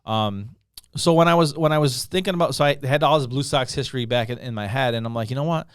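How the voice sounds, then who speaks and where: Fast-talking middle-aged man, smooth voice. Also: mid-range voice, no room sound, studio quality. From Utica, New York. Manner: rambling storyteller with many fillers and restarts. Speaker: author guest. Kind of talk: casual podcast chat.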